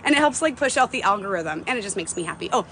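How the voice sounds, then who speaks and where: A woman's voice: mid-range voice, animated, fast talker, a bit bright, a little hiss or hum. A woman in her forties chatting casually on a livestream from her phone, rambling and emotional, with casual swearing. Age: 40s. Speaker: livestream host. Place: home, stepping outdoors to a bird feeder.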